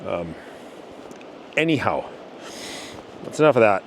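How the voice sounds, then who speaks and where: A middle-aged man with a slightly low voice rambles to his viewers in an easygoing, halting way, often restarting his sentences. He is recorded outdoors on a forest trail, with steady background noise clearly underneath him. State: out of breath. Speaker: channel host. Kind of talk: casual rambling talk to camera. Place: outdoors in a forest by a river, walking uphill.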